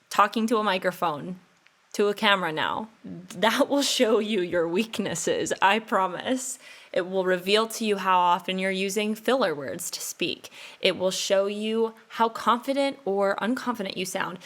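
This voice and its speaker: A young woman in her twenties hosts a solo advice podcast. She talks straight to the listener, earnest and encouraging, like a friend coaching her through her early twenties. Her voice sits at an ordinary middle pitch. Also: fairly bright tone. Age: 20s. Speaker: podcast host.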